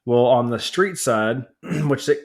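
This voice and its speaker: Male podcast co-host, casual chat, animated rambling storyteller, mid-range voice. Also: medium pitch, takes it slowly. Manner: married family man.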